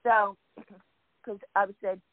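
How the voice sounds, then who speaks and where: A woman tells stories in an easy, chatty way, acting out what people said and clearing her throat now and then. Her voice comes over a thin, phone-like line, with no room sound around it. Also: medium pitch, flat delivery, slow, dry recording. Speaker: guest wrestling fan. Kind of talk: casual storytelling chat. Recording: tinny phone line, dry.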